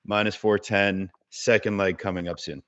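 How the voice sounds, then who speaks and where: Laid-back lower-voiced man, lo-fi sound. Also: steady tone, moderate pace, a bit bright. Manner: laid-back, joking, short agreeing replies. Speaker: podcast guest co-host. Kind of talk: casual podcast chat.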